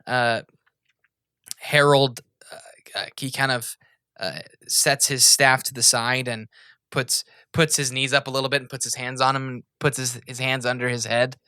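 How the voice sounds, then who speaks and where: A man narrates a tabletop game as game master, stopping to correct himself as he describes the scene. His voice is bright and the recording dry and close. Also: medium pitch, flat delivery, moderate pace, clean tone, dry recording. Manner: rambling, self-correcting narration.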